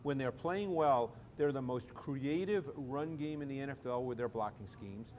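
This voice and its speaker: A man with a New York accent speaking at a middle pitch, laying out football schemes point by point. He is measured and emphatic, and there is a faint hiss of background noise under his voice. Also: a little mellow. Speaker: football analyst. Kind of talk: pregame panel discussion.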